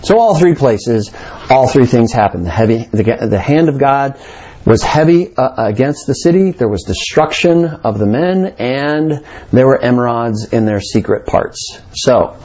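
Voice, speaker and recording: A man's voice: medium pitch, a little mellow, dull audio. A man preaching a sermon, reading scripture aloud and then explaining it with emphatic repetition. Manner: reads scripture aloud then explains, stresses key words. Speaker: pastor. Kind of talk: expository sermon.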